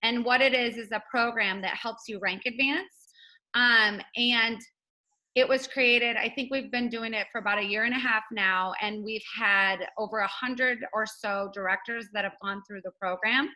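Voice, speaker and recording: A woman's voice: fairly high pitch, steady tone, normal speed, pushed and bright, low-quality recording. A woman hosting a casual team video call, chatty and upbeat, laughing often.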